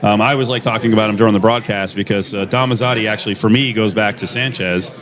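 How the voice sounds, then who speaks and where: A man's voice: lowish voice, steady tone, quick pace, crowd noise. A man hosting a sports talk radio show, asking rambling, chatty questions full of fillers.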